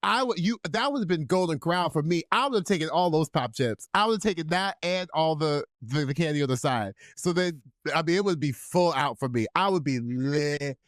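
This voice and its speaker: A man co-hosting a podcast, chatting casually in an animated, playfully outraged way and laughing often. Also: fairly high pitch, a little fast, no echo, clean studio sound. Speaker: podcast co-host.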